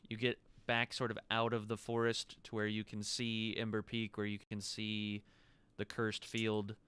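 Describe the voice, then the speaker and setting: A man narrating as game master in a relaxed way, often pausing and restarting his sentences. His voice sits low and sounds very smooth and clear.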